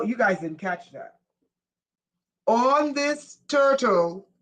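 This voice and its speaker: A woman giving a live-streamed spiritual lecture, speaking emphatically, repeating key lines slowly for effect, and asking her viewers questions as she goes. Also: a little high, fairly bright tone, poor audio. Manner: asks listeners questions. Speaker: spiritual teacher.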